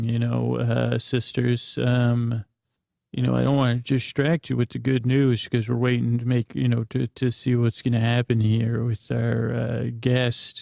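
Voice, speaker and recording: A middle-aged man rambling through an improvised bedtime story, halting and restarting often. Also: mid-range voice, gravelly, dark tone, dry recording, clean studio sound. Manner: meandering, halting, with many restarts. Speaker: bedtime podcast host.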